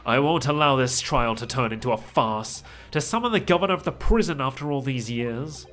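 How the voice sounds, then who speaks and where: A man voicing a stern, weary older male judge in a low, grave voice. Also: animated, fairly quick, fairly bright tone, soft background music, natural voice.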